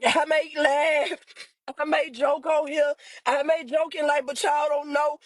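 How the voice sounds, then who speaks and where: A woman's voice: sits high, little pitch movement, a little slow, dry recording, low-quality recording. A young woman making an emotional, pleading plea to camera about her missing sister, her voice breaking into tears as she repeats herself.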